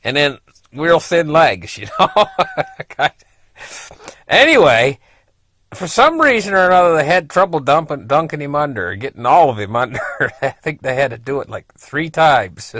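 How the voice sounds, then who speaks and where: This is a middle-aged man recounting a personal story in an easygoing, rambling way. He chuckles often and fills gaps with "you know" as his ordinary, mid-pitched voice wanders from detail to detail. The sound is dry and close, with no room around it. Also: sing-song, moderate pace, fairly bright tone, dry recording. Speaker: vlogger telling a personal story. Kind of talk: casual spoken storytelling.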